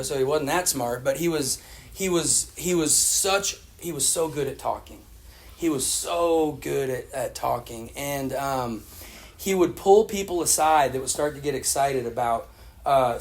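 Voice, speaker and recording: Recovery share: man, slightly high voice, loose candid storytelling. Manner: candid, rambling, frequent fillers, laughs at himself. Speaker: recovery meeting speaker.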